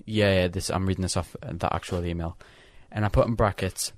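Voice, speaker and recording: Teen boy, casual storyteller, curses freely, slightly low voice, dry close sound. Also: steady tone, fairly quick, hardly any pauses, dry recording. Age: teens. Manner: rambling storytelling, swearing. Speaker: co-host. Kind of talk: casual chat.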